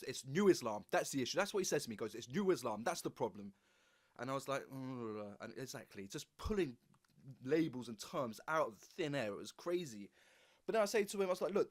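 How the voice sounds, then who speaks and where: Relaxed man hosting a podcast. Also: on the high side. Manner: relaxed, conversational, retells anecdotes. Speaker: podcast host. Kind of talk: casual interview chat.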